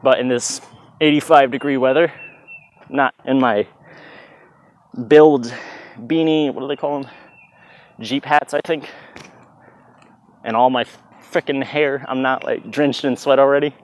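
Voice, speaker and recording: A man's voice: mid-range voice, steady tone, a little slow, long pauses. A man giving a casual dance tutorial in a loose, chatty way, counting out moves with "bah" sounds, sometimes moving away from the mic. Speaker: dance instructor. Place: outdoors in hot weather. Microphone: plugged-in mic, sometimes stepping away.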